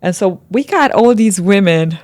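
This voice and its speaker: A woman's voice: mid-range voice, lively intonation, moderate pace, a little mellow, dry recording. A woman hosting a podcast, playfully teasing her guest while reading out game prompts. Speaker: podcast host. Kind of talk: casual podcast chat, running a game.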